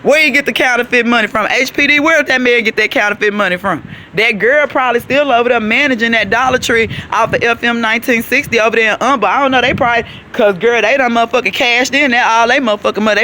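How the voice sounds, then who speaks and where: A woman's voice: on the high side, bright, forceful tone, a little hiss or hum. A woman, vlogging an emphatic, preachy rant while out on a walk, calling her listeners child and baby. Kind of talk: outdoor rant to camera. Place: outdoors on a city walk.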